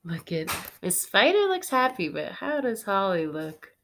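A woman teacher reading a picture book aloud to students and pausing to ask them gentle questions. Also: mid-range voice, sing-song, a little hiss or hum.

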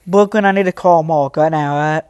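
A teenage boy running a casual livestream, talking straight to his chat, quick to get angry and protective of his viewers. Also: a little high, a little mellow, smooth, no echo, studio quality.

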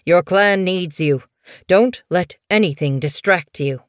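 Woman doing old male cat healer, raspy, gruff, slow, ominous, low, dry audiobook sound. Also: no echo.

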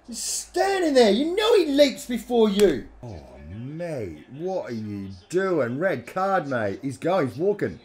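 A man's voice: a little high, wildly swooping pitch, takes it slowly, few pauses, a little mellow. An Australian man hosting a live football reaction, sweary, heated and blunt. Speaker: host watching football. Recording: echoey room with music behind.

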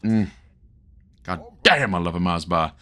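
A man's voice: sits low, lively intonation, unhurried, pushed and bright. A young man with a Welsh accent talking through a game guide, chatty and joking with lots of asides. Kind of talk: casual gameplay commentary.

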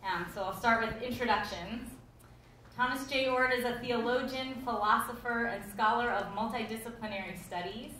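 A woman moderating a public lecture, formally introducing the speakers in a measured way. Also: fairly high pitch, bright, forceful tone, slight background noise. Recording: echoey hall from far off.

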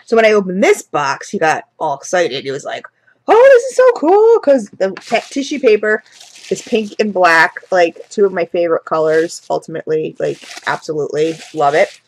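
A woman in her thirties chats her way through a product haul in a casual, rambling voice. She restarts her sentences often and fills the pauses with little fillers. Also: fairly low pitch, slight background noise. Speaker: vlogger reviewing candle products.

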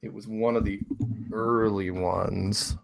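A man's voice: fairly low pitch, steady tone, slow pace, gravelly. A man co-hosting a casual live-stream chat, rambling while he searches his screen. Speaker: co-host.

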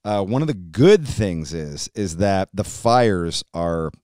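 A man hosting a podcast, opening with a loud, hyped, swearing intro and then casual chat. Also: low-pitched, slow pace, clear, resonant tone, no room sound. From California. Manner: hyped, loud, profane, animated delivery. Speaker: podcast host. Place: home studio, streaming live.

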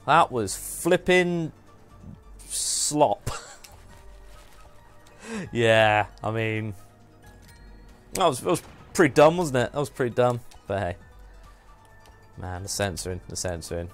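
A man's voice: mid-range voice, expressive, slow pace, pauses often, faint music behind. Rambling man streaming a game. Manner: rambling, self-deprecating, laughs often. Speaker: streamer host. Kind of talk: casual live-stream chat while gaming.

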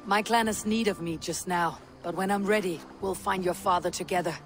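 Game role: actor as a blunt Viking clan warrior, steady and firm. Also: mid-range voice, brisk, a little hiss or hum, lightly acted. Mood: stern. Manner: blunt and commanding. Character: stern Viking warrior leader.

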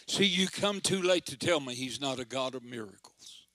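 A man's voice: mid-range voice, animated, normal speed, no echo. An older man, a country pastor telling a story in a sermon with folksy, dramatic delivery. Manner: folksy, dramatic, swells into forceful proclaiming.

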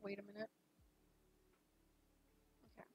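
A woman's voice: a little slow, a little mellow, low-quality recording. A young woman casually chatting on a game live stream, giggly and gushing, with lots of filler words.

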